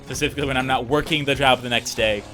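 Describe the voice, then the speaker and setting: A young man playing a game and chatting in a rambling, animated way, full of fillers. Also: mid-range voice, fast talker. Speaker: let's player. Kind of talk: casual chat over gameplay. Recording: voice over game music. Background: game music.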